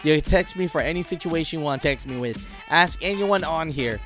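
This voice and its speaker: A man's voice: fairly high pitch, a little fast, fairly bright tone, soft background music. Laid-back male trucking show host. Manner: loose, rambling, laughs often. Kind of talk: casual live-stream talk.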